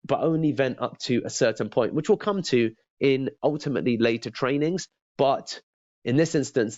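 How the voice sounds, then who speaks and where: A man's voice: medium pitch, darkish tone, no room sound, dull audio. A man as a sales trainer giving a casual, chatty lesson, often stumbling and repeating his words.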